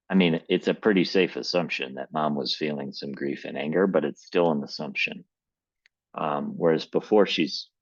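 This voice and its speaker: A male writing coach giving a live critique of a manuscript, reading passages aloud and thinking through his comments in a measured, tentative way. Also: extremely low pitch, no echo, highs cut off.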